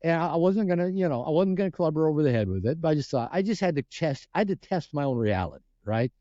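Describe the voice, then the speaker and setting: A man speaks as a podcast guest, earnest and explanatory. His voice is warm and mellow, with lively swings of pitch as he acts out bits of dialogue. The sound is dry and a little dull. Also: fast, dry recording. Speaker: podcast guest, relationship author. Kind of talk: podcast interview storytelling.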